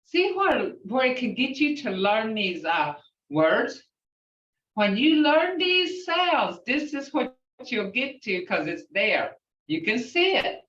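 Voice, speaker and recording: Slow older woman teaching, echoey and distant. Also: on the high side, very animated, a bit bright. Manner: sounds words out syllable by syllable, chatty asides. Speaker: language teacher. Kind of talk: language class instruction. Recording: echoey, distant, dull sound.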